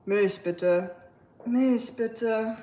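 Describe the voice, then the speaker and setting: A woman's voice: on the high side, extremely slow, dark tone, roomy sound. A woman imitating a goofy, sassy teenage girl from a language-learning app, in a clipped, exaggerated sing-song voice. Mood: mocking.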